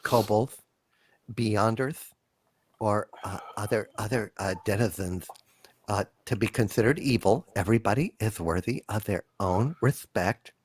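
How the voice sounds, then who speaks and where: A man voicing a soft-spoken, preachy male game master who lectures the players gently and earnestly. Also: fairly low pitch, measured pace, a little hiss or hum, voice pushed down, lightly acted. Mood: mock-earnest.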